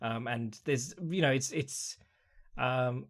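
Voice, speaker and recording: Guy hosting his own podcast, rambly and chatty, reads listener questions then goes off on tangents. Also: mid-range voice. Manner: rambling, chatty, quick asides and laughs; mimics people in quoted voices. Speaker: podcast host.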